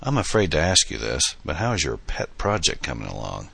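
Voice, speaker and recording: A man's voice: rumbling low, sing-song, brisk, vocal fry, bright, forceful tone, slightly rough, no room sound, exaggerated voice. A man voicing a genial older uncle in an audiobook, speaking fondly and teasingly to his niece. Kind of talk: audiobook dialogue.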